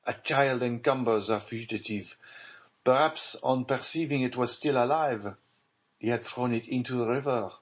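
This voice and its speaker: A man voicing a haunted aristocratic official in an audiobook, speaking in a grave, hushed, brooding tone. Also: mid-range voice, moderate pace, voice pushed up, close to an everyday voice. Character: haunted scheming nobleman, secretive and grave.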